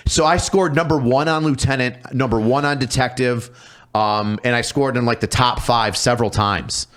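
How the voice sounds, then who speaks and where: A man's voice: mid-range voice, normal speed. Profane storytelling man. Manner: profane, animated, mimics people in his stories. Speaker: podcast guest, police officer. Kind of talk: casual storytelling.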